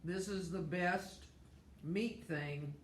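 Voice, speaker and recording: A talkative woman with a lowish voice co-hosts a home cooking show, speaking very slowly in casual chat. She gushes over every bite with plenty of oohs, while her voice echoes around a roomy kitchen over a faint hum.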